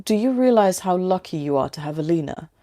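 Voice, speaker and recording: Fearful, bitter young woman, quiet halting lines, mellow low voice, voiced by the reader. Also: lively intonation, natural voice. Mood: despairing.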